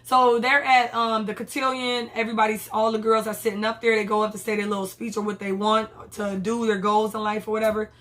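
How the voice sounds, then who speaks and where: A woman's voice: fairly high pitch, brisk, hardly any pauses, a little hiss or hum. A young woman casually recapping a TV episode, swearing freely and acting out the characters' lines. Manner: animated, profane, acts out characters' lines. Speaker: TV episode reviewer.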